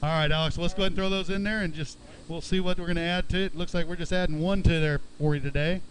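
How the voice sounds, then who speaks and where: Man, high pitch, weigh-in emcee, chummy banter, outdoor stage, faint ambience. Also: steady tone, quick pace, slight background noise, low-quality recording. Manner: upbeat, chummy, calls anglers bud. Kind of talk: live announcing with banter.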